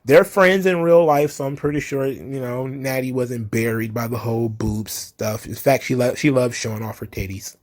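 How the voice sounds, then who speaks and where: A man's voice: medium pitch, fairly even intonation, normal speed, hardly any pauses. Man, casual solo commentary, sarcastic, profane, blunt, mid-range voice. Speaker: wrestling commentary podcaster.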